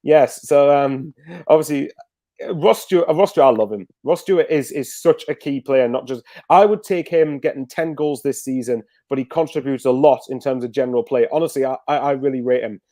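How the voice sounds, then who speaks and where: A man's voice: mid-range voice, brisk, warm tone, dry recording. A man chatting casually as a guest football fan, rambling with lots of fillers and restarts. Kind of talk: casual video call chat.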